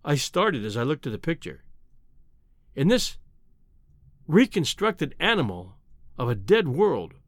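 A man narrating a classic adventure novel in an expressive, measured storytelling manner. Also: fairly high pitch, dry recording. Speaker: audiobook narrator. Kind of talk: scripted narration.

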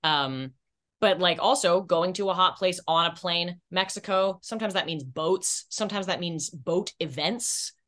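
A woman's voice: lowish voice, moderate pace, a bit bright. A woman actress as a podcast guest, telling candid, self-deprecating stories in casual chat.

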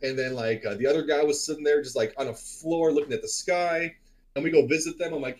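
A man's voice: a little high, fast, low-quality recording. A man in his forties telling a long story on a podcast in a loose, rambling way, with lots of fillers and swearing. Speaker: podcast co-host. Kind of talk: casual storytelling.

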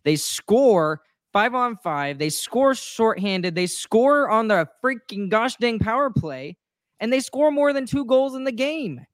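A woman's voice: fairly high pitch, expressive, measured pace, no room sound, studio quality. A woman co-hosting a sports talk show, venting her frustration in a rambling, emotional way with many restarts and apologies. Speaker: sports podcast co-host. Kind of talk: casual chat.

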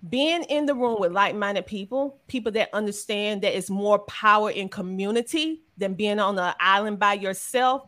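A woman from South Carolina, giving an energetic, preachy, joking promotional pitch in a podcast chat. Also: moderate pace, hardly any pauses. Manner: energetic, preachy, jokey with big swings. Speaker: podcaster and event speaker.

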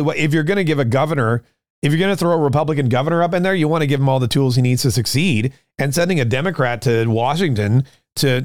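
A male podcast host speaking in a loose, conversational way, often restarting his sentences. His voice sits at an ordinary middle pitch and is recorded close and dry, with no room sound. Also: no room sound. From United States. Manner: rambling, conversational, frequent restarts. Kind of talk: casual political talk with merch plug.

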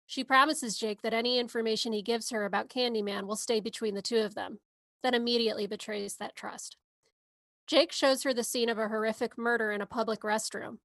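A woman's voice: fairly high pitch, fairly even intonation, brisk, fairly bright tone, dry recording. A woman podcast co-host giving a movie synopsis in a casual, sarcastic way. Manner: sarcastic, wry asides.

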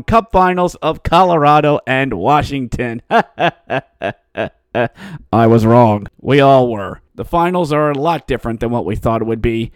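A man's voice: mid-range voice, animated, measured pace, clear, resonant tone, no room sound, studio quality. A man hosting a solo sports podcast, mocking and ranting, rising into exasperated outbursts. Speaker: podcast host. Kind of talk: sarcastic solo sports commentary.

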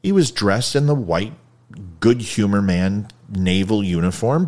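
A man hosting a show, telling a story in a casual, jokey way, swinging between loud bursts and quiet asides. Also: on the low side, expressive, measured pace. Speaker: host.

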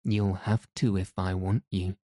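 A man's voice: deep voice, little pitch movement, measured pace, dark tone, no echo, studio quality. A man voicing a sickly, spoiled, petulant young boy who whines and sulks.

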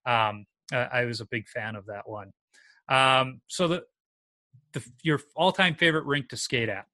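Bright-voiced man hosting a casual chat. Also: medium pitch, normal speed. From Minnesota. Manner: easygoing, asks questions, shares stories. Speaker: podcast host interviewing a guest.

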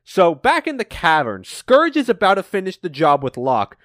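Lively, high-voiced man recapping comics. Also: moderate pace, no echo, studio quality. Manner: animated storytelling with frequent swearing. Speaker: podcast co-host. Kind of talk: casual comic recap chat.

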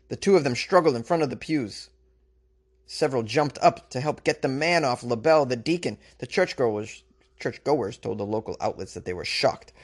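Man, podcast host, comic news rundown, rambling, self-mocking, mid-pitched voice.

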